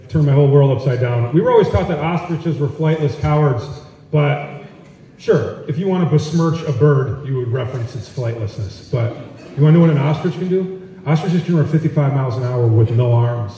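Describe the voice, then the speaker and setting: Brash comedian in an echoey hall. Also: male voice, on the high side, a little fast, mellow, far from the mic. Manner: brash, profane, punchy delivery. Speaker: stand-up comedian. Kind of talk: stand-up comedy set. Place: large auditorium with audience. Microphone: phone recording from the audience area. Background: audience laughter.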